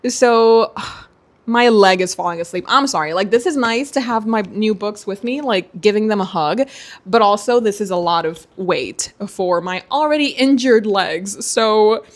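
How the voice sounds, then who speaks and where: A woman hosting a casual video, chatting in a gushing, excitable way. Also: mid-range voice, unhurried. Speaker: booktuber host. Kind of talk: casual vlog chat.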